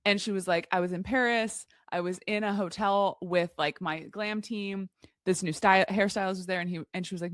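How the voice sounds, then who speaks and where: A woman's voice: mid-range voice, fairly even intonation, a little fast, no room sound, studio quality. A woman co-hosting a casual chat show, telling a story with gasps, laughs and lots of enthusiasm. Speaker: co-host.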